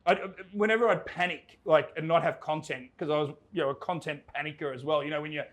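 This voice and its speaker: An Australian man with a fairly high voice tells stories in an animated, laughing way. He often stops and restarts his sentences, like a guest chatting casually in a pub. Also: fast talker. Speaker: guest, entertainment reporter. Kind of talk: casual storytelling chat.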